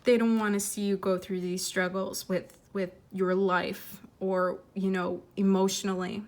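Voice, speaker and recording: A woman giving an intuitive tarot reading, speaking gently and earnestly with frequent fillers and restarts, holding back tears. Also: mid-range voice, level tone, unhurried. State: tearful, fighting emotion. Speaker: tarot reader.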